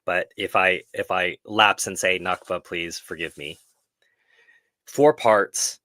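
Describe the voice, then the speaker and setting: A man's voice: low-pitched, steady tone, slow, pushed and bright, no room sound. A man hosting a film club live stream, talking earnestly and reflectively and often correcting himself mid-sentence. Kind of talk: casual live stream discussion.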